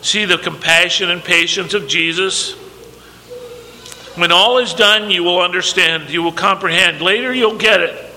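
Emphatic high-voiced man preaching. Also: normal speed, sharp tone. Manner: emphatic, acts out quoted dialogue. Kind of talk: sermon. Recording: long reverb, faint background noise.

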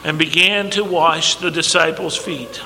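A man's voice: on the high side, steady tone, unhurried, sharp tone. A man preaching a sermon, emphatic, acting out quoted lines from scripture. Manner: emphatic, acts out quoted dialogue. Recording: long reverb, faint background noise.

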